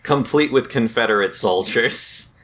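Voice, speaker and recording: A man co-hosting a casual podcast, joking wryly about a movie and tripping over words when excited. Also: mid-range voice, measured pace. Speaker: podcast co-host. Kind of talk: casual movie recap chat.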